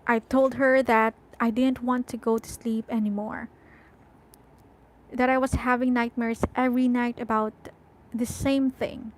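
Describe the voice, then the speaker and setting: Slow, high-voiced woman reading a novel. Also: rough recording. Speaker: audiobook reader. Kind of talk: first-person novel reading.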